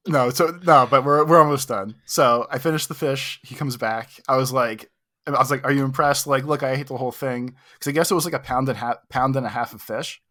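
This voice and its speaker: A man's voice: mid-range voice, fairly quick, sharp tone. A young man co-hosting a podcast, telling a long, self-mocking story in a casual, rambling way full of "like". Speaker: podcast co-host.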